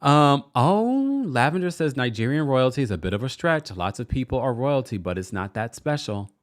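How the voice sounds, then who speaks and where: Animated man recapping reality TV. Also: mid-range voice, moderate pace. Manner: chatty, animated, reads out listener comments. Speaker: podcast host.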